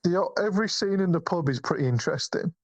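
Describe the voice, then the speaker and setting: A man's voice: on the high side, expressive, fast, dry recording, rough recording. A man co-hosting a podcast, chatting casually about a film in a rambling way, full of restarts and swearing. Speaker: podcast co-host. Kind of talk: casual film review chat.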